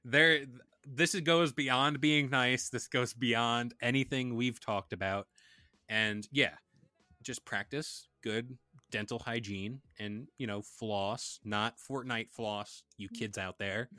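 On a dry studio podcast mic, a young male co-host chats casually in a mid-range, bright, forceful voice. He jokes and rambles off on asides, filling his talk with lots of fillers.

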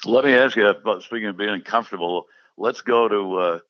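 A man interviewing guests, asking questions in a halting way with restarts. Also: fairly low pitch, no room sound, muffled recording.

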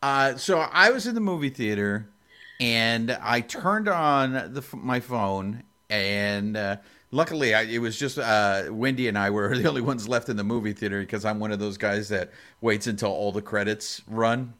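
A man's voice: on the low side, normal speed, pushed and bright. A man co-hosting a casual podcast, telling a story in a rambling, emotional way with many restarts. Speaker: podcast co-host. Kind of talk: casual chat.

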